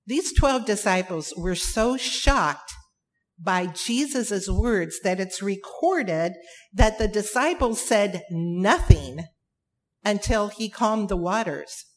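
A woman preaching a sermon at an unhurried, deliberate pace. She leans on key words, pauses for effect and repeats phrases for emphasis, with a pitch that sits in the middle for a woman. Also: animated. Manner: emphatic, dramatic pauses and repetition.

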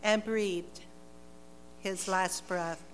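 Slow, solemn woman narrator. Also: medium pitch, steady tone, long reverb tail, a little hiss or hum. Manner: solemn, measured. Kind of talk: scripted narration.

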